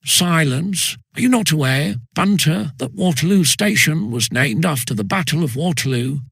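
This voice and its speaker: A man's voice: a little high, expressive, moderate pace, vocal fry, fairly bright tone, husky, no echo, heavily acted. A man voicing a strict, pedantic schoolmaster who scolds his class in a storybook reading. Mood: exasperated. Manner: pedantic, thundering. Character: stern strict elderly male schoolmaster.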